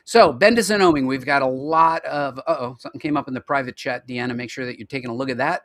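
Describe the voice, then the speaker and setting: A podcast host runs a live video-call show, chatting and joking as he rattles off lists in this casual live-stream chat. His medium-pitched voice is fast and a bit bright, recorded dry.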